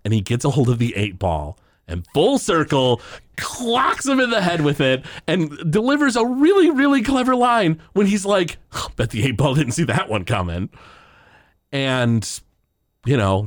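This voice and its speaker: A man chatting on a podcast, his pitch swinging widely from low to high as he retells scenes. He talks loosely, with plenty of fillers and chuckles. The sound is close and dry, with no room around it. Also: wildly swooping pitch, normal speed, no room sound. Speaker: podcast co-host recapping an episode. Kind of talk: casual chat.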